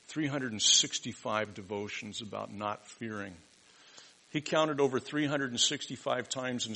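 A man preaching a sermon in a bright, forceful voice. He drops to near-whispers in reflective moments, then rises to loud, emphatic declarations. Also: fairly low pitch, gravelly, low-quality recording. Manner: dynamic preaching, swings from hushed to loud emphatic. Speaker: pastor.

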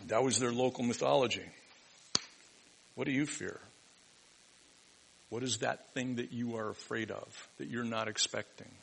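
A man preaching a sermon in a bright, forceful voice. He drops to near-whispers in reflective moments, then rises to loud, emphatic declarations. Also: medium pitch, fairly even intonation, normal speed, vocal fry, long pauses, slight background noise, rough recording. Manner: dynamic preaching, swings from hushed to loud emphatic. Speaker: pastor.

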